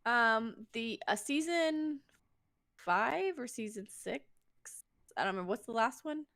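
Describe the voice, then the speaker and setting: A woman co-hosting a podcast in casual chat, talkative and quick to laugh at her own slips. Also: a little high, lively intonation, a bit bright, no room sound. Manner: chatty, laughs at herself, quick restarts. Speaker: podcast co-host.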